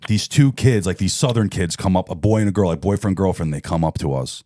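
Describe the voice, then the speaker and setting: A man's voice: deep voice, a little fast, no room sound, studio quality. A young man from New York, co-hosting a podcast and telling stories in a casual, profane, swaggering way. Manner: swaggering, profane, animated storyteller. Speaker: podcast co-host. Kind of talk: casual storytelling chat.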